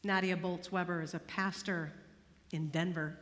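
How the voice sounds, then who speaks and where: Bright-voiced woman preaching in an echoing hall. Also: on the low side, moderate pace. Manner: expressive, swings from hushed to emphatic. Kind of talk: sermon. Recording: long hall reverb.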